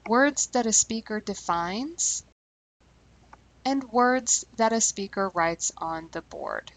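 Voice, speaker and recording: A woman language teacher giving scripted instructional narration, speaking clearly and slowing down deliberately on key terms. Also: mid-range voice, a bit bright, rough recording.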